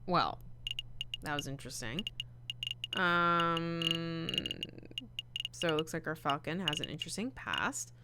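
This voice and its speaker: A woman's voice: low-pitched, animated, slow, long pauses, background noise. A woman giving casual, rambling commentary while playing a game, chatty and full of fillers. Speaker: gameplay streamer. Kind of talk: casual let's play commentary.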